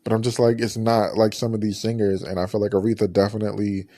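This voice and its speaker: Low-voiced man chatting casually. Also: level tone, fast talker, warm tone, dry recording, studio quality. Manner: chatty, rambling, frequent fillers and self-corrections. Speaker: podcast host. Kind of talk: casual review chat.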